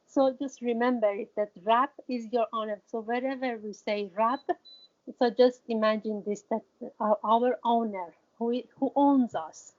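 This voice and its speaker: High-voiced woman teaching, hesitant delivery. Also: steady tone, unhurried, darkish tone. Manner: hesitant, many restarts and fillers, repeats key words for emphasis. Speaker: Quran teacher. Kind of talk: explanatory lesson. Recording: dull lo-fi recording.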